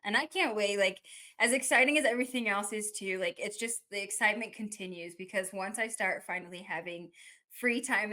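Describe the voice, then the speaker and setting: A woman co-hosting a podcast, eager and excited in casual chat. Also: medium pitch. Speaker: podcast co-host.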